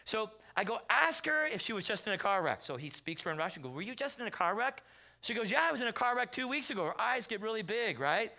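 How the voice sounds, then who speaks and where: A man preaching a sermon in a Southern California accent. He tells stories in a loose, conversational way and acts out the quotes in loud bursts. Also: high-pitched, sing-song, fast talker, vocal fry. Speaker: pastor. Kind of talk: sermon with storytelling. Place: church sanctuary.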